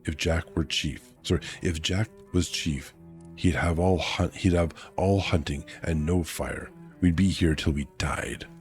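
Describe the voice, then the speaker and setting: A man's voice: sits low, measured pace, soft background music. A man doing Piggy, a fretful boy. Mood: anxious. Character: anxious, fretful bespectacled boy.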